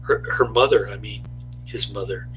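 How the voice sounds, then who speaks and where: A man's voice: lowish voice, normal speed, fairly bright tone, a little hiss or hum, low-quality recording. A man giving a rambling, laid-back casual video review, often chuckling to himself.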